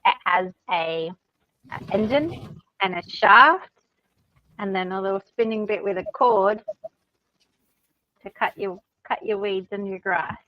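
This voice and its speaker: A woman's voice: mid-range voice, unhurried, long pauses, dull audio. An Australian woman co-hosting a livestream, chatting casually and patiently explaining things with plenty of fillers. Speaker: livestream co-host. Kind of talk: casual chat.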